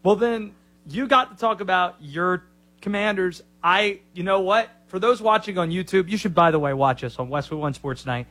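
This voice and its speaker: A man with a high voice co-hosts a sports talk show. He rambles and restarts his sentences, and gets excited when he talks up his teams. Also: moderate pace. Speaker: sports radio co-host.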